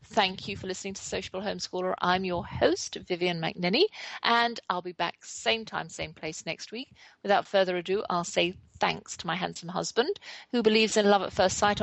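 A middle-aged woman hosts her show in a chatty, anecdotal way, poking fun at herself as she goes. Her voice sits fairly low and has a gravelly edge. The recording is dry and close, with no room sound. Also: dry recording, low-quality recording. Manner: chatty, anecdotal, self-deprecating. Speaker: podcast host. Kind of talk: casual storytelling monologue.

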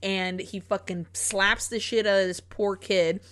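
A woman co-hosting a podcast, retelling a film's plot in a lively, casual way, acting out the characters' lines and swearing freely. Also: medium pitch, a little slow. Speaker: podcast co-host. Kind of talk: casual film recap chat.

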